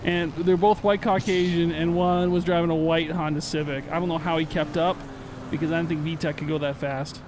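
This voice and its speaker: A man's voice: fairly high pitch, little pitch movement, fairly quick, background noise. A man streaming a comic role-play game, eager and jokey, rambling with fillers.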